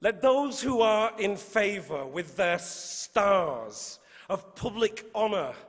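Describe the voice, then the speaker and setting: A man with a Manchester accent reads a sonnet on stage, slow and deliberate. His voice sits high and rings bright. The long echo of a large concert hall trails behind each line. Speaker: poet and reader. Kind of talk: poetry reading on stage.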